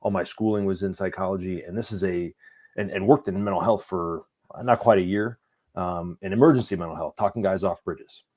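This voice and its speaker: A man's voice: low-pitched, steady tone, brisk, darkish tone. A man who is a guest on a podcast and talks earnestly, mixing serious points with teasing jokes. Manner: earnest, many fillers and restarts, self-mocking jokes. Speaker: guest, organization leader. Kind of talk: casual podcast chat.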